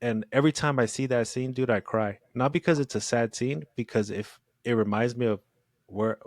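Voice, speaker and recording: A man's voice: mid-range voice, normal speed, no room sound, studio quality. A man co-hosting a podcast with his brothers, speaking earnestly and emphatically and swearing casually. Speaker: podcast co-host. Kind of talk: casual heartfelt conversation.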